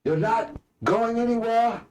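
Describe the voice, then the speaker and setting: A man's voice: very high voice, a little slow, roomy sound, slight background noise, pitched above the performer's own voice. A man voicing a blustering male orc general in a tabletop game, barking orders. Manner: barking, shouted.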